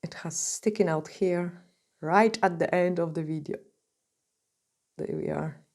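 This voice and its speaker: Woman, nail tutor, lowish pitch, gushing casual talk, losing her voice. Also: unhurried, a little mellow. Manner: chatty and gushing, many "like" fillers. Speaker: nail artist teaching a tutorial. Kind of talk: casual tutorial narration while working.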